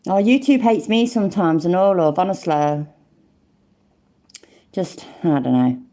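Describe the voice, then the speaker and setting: A woman's voice: fairly low pitch, unhurried, warm tone. Chatty sweary older woman. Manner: chatty, swears freely, calls viewers love and mate. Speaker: livestream host. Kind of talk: casual live-stream chat.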